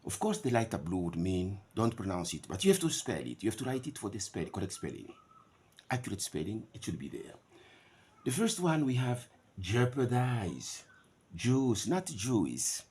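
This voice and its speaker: A very animated man with a husky, darkish voice on the low side teaches English pronunciation in a classroom. A Bantu speaker by first language, he drills pairs of words, stretching out the contrasting repetitions.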